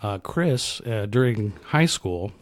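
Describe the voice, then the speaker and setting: A man's voice: lowish voice, animated, takes it slowly. A man co-hosting a podcast in casual chat, given to quoting films. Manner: quotes films at length. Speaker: podcast co-host.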